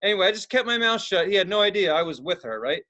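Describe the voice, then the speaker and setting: He's a high-pitched, fast-talking man co-hosting a podcast. His animated, swear-filled funny story has him acting out each of the people involved.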